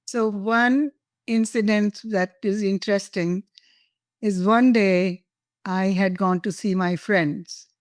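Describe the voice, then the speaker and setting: A woman's voice: mid-range voice, steady tone, takes it slowly, dry recording, clean studio sound. Older woman telling a story with laughter. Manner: warm, laughing, emotional storytelling. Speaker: guest. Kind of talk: personal storytelling interview.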